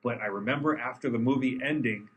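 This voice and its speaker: A man's voice: medium pitch, quick pace, slight background noise, low-quality recording. A man co-hosting a podcast in casual chat, enthusiastic and joking. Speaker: podcast co-host. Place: studio in Los Angeles.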